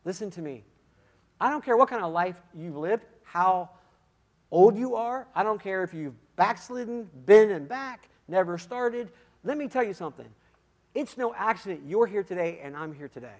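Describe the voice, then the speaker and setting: A man giving a sermon testimony, swinging from quiet, intimate moments to loud, emphatic calls, with repeated "come on" and "listen". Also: high-pitched, animated, moderate pace. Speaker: guest speaker giving testimony.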